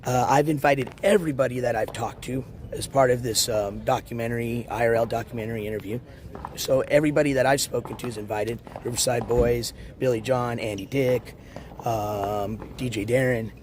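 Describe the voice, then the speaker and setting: A man livestreaming from a beach in the morning, hoarse and losing his voice, rambling as he walks and shouts out viewers in chat. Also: medium pitch, steady tone, normal speed, a little hiss or hum. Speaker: IRL livestreamer. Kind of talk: casual live-stream chat.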